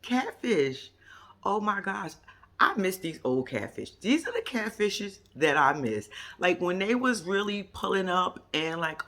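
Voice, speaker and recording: A man recapping a TV show to his viewers in lively casual chat, acting out what people said and laughing often. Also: high voice, unhurried. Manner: animated storytelling, acts out quotes in exaggerated voices, laughs often; playful slang, addresses viewers as y'all and baby.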